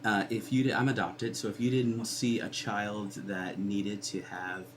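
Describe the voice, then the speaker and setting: A man in a casual group conversation, an animated storyteller who acts out other people's lines. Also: unhurried, background noise. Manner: animated storyteller, jumps high when acting out others.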